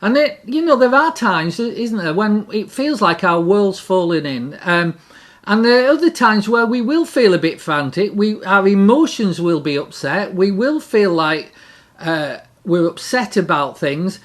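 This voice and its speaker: A middle-aged speaker giving a devotional talk in an animated way, repeating key phrases for emphasis. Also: mid-range voice, a little slow.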